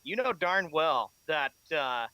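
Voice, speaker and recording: A man with a high, bright voice co-hosts a sports talk radio show. He reads out headlines and moves the talk along to the next segment. The sound is dry and close-miked. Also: sing-song, slow, clean tone, dry recording, lo-fi sound.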